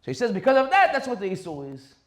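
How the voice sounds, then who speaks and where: A rabbi preaching in a lively sermon, a man with a high voice for his sex. He talks quickly, fires off rhetorical questions and laughs often as he tells stories.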